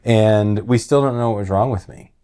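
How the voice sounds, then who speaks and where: A middle-aged man with a fairly low voice tells a personal story. He rambles earnestly, restarting sentences and leaning on filler words as he goes. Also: normal speed, warm tone, clear, resonant tone. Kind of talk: casual emotional storytelling.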